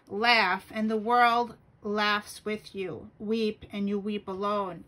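A middle-aged woman slowly reads her own poems aloud for a home video. Her voice sits in a middle pitch and she takes her time, tripping over a word here and there. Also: fairly even intonation, fairly bright tone, low-quality recording. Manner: slow, careful reading with small stumbles. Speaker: journaling vlogger.

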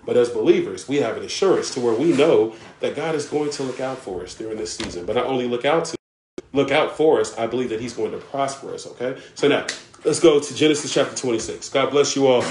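A man's voice: mid-range voice, expressive, quick pace, a little mellow, reverberant, slight background noise. A man preaching a live-streamed sermon, earnest, repeating words as he builds and checking in with the listeners. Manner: earnest, often checks in with "right?" and "okay?". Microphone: live stream setup.

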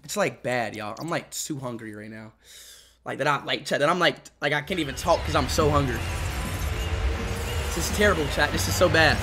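High, bright young man streaming, loud swings. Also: brisk, faint music behind. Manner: loud swings between weary mumbling and shouting; repeats phrases over and over, talks to chat. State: hungry and drained. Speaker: livestreamer. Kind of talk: casual livestream chatter.

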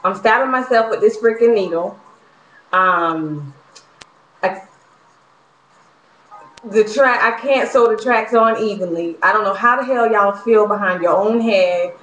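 A woman's voice: medium pitch, unhurried, long pauses, fairly bright tone. A young woman venting in a casual vlog, frustrated and worked up, ranting with profanity and nervous laughs. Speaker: vlogger. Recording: echoey room, faint noise.

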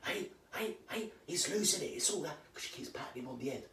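In a rambling comedy monologue, the performer voices an outraged old English granny with a British accent who gossips, uses slang, and swears nonstop with big pitch swings. The delivery is animated, fast, and sharp-toned, with slight background noise, captured from afar in a roomy room.

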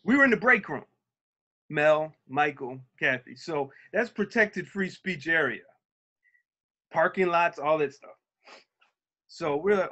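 A man speaking on a video call as a union organizer, telling an animated story and acting out shouted quotes. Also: fairly high pitch, measured pace. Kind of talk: virtual meeting talk, storytelling.

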